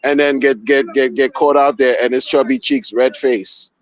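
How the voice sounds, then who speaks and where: A man's voice: mid-range voice, moderate pace, no echo, poor audio. A man streaming casual commentary, mocking and profane, repeating himself as he rants. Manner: animated, mocking, profane, repetitive.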